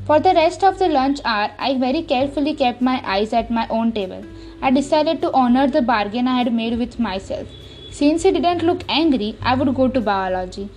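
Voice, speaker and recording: Woman narrating a story aloud, fairly high voice. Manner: steady, lightly expressive storytelling. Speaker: audiobook narrator. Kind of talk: first-person audiobook narration.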